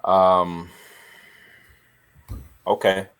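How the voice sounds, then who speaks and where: A man's voice: low-pitched, completely flat delivery, very slow, fairly bright tone, clear, resonant tone. A man playing a tabletop game, hesitant and agreeable with many fillers. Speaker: player. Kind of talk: casual game chat.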